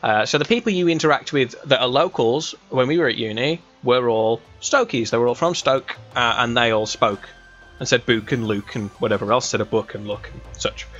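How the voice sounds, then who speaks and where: A man's voice: medium pitch, normal speed, fairly bright tone, muffled recording, soft background music. A young man from England with a West Midlands accent, chatting casually while playing a game, rambling with lots of fillers and restarts. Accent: West Midlands English. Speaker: gaming streamer. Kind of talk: casual gameplay chat.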